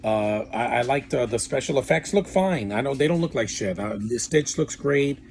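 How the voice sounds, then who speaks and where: A man's voice: medium pitch, lively intonation, moderate pace, gravelly, darkish tone. A man giving a casual, rambling film review with blunt opinions and lots of fillers. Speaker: movie reviewer.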